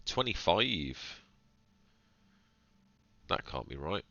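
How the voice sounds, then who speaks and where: A low-pitched man narrates a game for his channel, reading the text aloud and tossing in playful, jokey asides. His delivery swings widely in pitch, and his tone is bright and forceful. The recording is dry and slightly dull, like a lo-fi home mic. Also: sing-song, drawn-out words, no room sound. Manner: playful, chatty, jokey running commentary. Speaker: gaming channel host.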